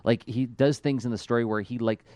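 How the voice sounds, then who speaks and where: A man's voice: mid-range voice, fairly even intonation, a little fast, mellow, dry recording. A man co-hosting a podcast, chatting enthusiastically with lots of fillers. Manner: enthusiastic, many "like" fillers, laughs often. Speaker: podcast co-host. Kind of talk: casual enthusiastic chat.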